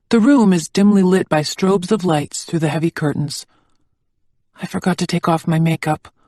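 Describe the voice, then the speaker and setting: A woman reading a first-person audiobook aloud in a hushed, intimate narrating voice. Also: lowish voice, no echo, studio quality.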